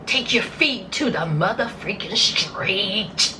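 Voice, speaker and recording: A woman's voice: fairly high pitch, expressive, takes it slowly, sharp tone, a little hiss or hum, low-quality recording. A woman giving casual, sarcastic commentary on a reality show, acting out scenes in put-on voices.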